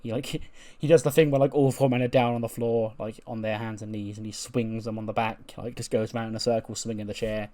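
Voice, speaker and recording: A man's voice: lowish voice, level tone, brisk, hardly any pauses, warm tone. A man casually commenting on a wrestling management game, acting out the dialogue between characters and laughing often. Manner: acts out dialogue in put-on voices, laughs often. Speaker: gameplay commentator.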